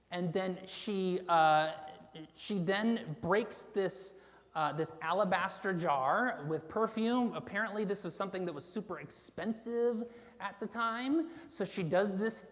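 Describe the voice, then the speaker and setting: A woman pastor preaching a sermon in a loose, chatty way, with fillers and asides to the room. Her voice sits at an ordinary pitch and carries a long church reverb. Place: church sanctuary.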